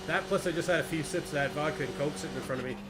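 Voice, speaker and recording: A man's voice: fairly high pitch, very fast, very noisy. A man streaming a sim race, chatting and joking with viewers while he drives. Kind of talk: casual live-stream chat while racing.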